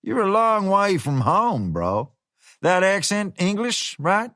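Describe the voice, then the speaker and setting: Male reader playing a fixer, laid-back and threatening, slow lively delivery. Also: high-pitched, no echo, clean studio sound, voice pushed up, exaggerated voice. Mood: warning. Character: menacing American male hired fixer, slangy.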